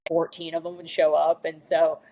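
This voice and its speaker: Here the Michigan screenwriter talks at a normal speed, her low-pitched voice warm in tone but flat in delivery. As a podcast guest in a casual interview, she spins stories and acts out quoted voices, all captured on a rough recording.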